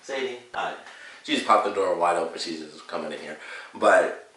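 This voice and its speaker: A man's voice: sits low, a little fast, a bit bright, recorded from a distance. A man giving a casual, rambling spoken review of a TV episode, with lots of fillers and restarts. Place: home room with a dog. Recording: very echoey room, voice a bit off mic.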